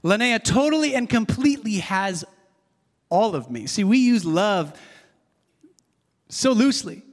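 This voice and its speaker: Earnest high-voiced male pastor preaching. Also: big pitch swings, unhurried, long pauses, in a large hall. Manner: earnest, conversational preaching with repetitions and asides. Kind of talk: sermon.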